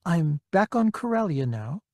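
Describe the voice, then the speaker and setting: A man voicing a hopeful young woman in a recorded message, speaking gently and hesitantly in an audiobook. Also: a little high, big pitch swings, a little slow, no room sound, clean studio sound, voice pushed up. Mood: hopeful, tentative. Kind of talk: audiobook character reading.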